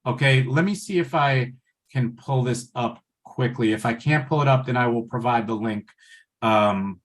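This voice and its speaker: A man giving a passionate, conversational webinar talk on pulmonary wellness over a video call, often checking in with "right?". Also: mid-range voice.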